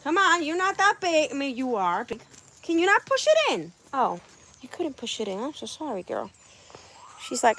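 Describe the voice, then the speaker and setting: A woman's voice: sits high, big pitch swings, normal speed, a little hiss or hum. A woman vlogging outdoors by her chicken coop on a phone camera, chatting and coaxing her birds inside. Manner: coaxing, talks to her animals. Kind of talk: casual vlog chat.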